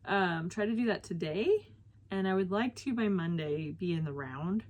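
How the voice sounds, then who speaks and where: A young woman with a lowish, darkish voice and lively intonation hosts her own knitting show, talking casually to camera at normal speed. She's chatty and slightly out of breath, filling her talk with ums, restarts, and self-corrections.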